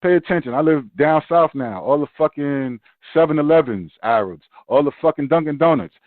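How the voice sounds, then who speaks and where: A man ranting profanely in casual chat, animated and forceful. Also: a little high, a little fast, dry recording. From Brooklyn, New York. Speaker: podcast host. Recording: dry tinny phone-like sound.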